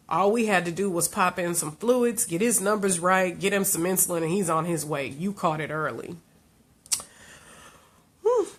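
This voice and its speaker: A woman life coach telling a personal story to camera, earnest and heartfelt, her voice climbing high when she relives her frustration. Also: a bit bright.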